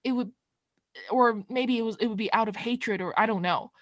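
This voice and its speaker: A woman who grew up in China, telling a story in casual chat with many fillers and pauses. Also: a little high, no room sound, studio quality.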